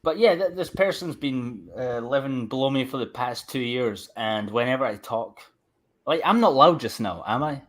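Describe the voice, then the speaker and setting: A man's voice: medium pitch, expressive, normal speed, a bit bright. A Scottish man talking as a podcast guest, joking and swearing in casual banter. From Scotland. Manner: profane, joking.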